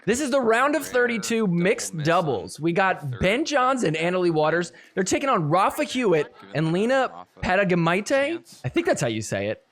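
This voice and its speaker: Animated, laughing male podcast host. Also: high voice, normal speed, few pauses. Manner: animated, laughing often, mock-quoting players. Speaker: podcast host recapping match clips. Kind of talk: casual commentary over match footage.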